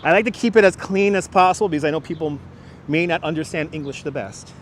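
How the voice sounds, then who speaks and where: A middle-aged man from New York, lightly accented, talks fast in a slightly high voice while walking city streets on a livestream. He fields viewer comments and chats casually, recorded on a wireless clip-on mic with faint outdoor street noise.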